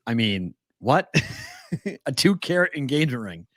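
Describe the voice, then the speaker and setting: A man co-hosting a sports talk show, chatting casually and upbeat, repeating words when excited. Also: medium pitch, a little slow, no room sound, studio quality. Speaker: co-host.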